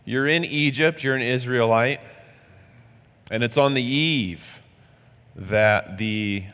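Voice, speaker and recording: Earnest preacher in a reverberant hall. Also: male voice, on the low side, a bit bright. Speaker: pastor. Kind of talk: sermon.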